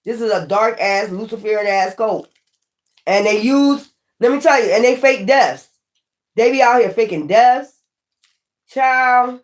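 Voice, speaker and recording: An unhurried woman with a higher-pitched voice offers a laid-back tarot reading. Blunt and profane, she warns whoever's watching and goes over her points again and again.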